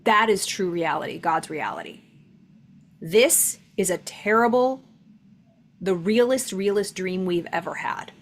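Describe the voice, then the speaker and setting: A woman's voice: mid-range voice, measured pace. A woman giving a casual spiritual lesson, talking loosely with lots of fillers and reading passages aloud. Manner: conversational, many "like" fillers, reads passages aloud. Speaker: spiritual teacher.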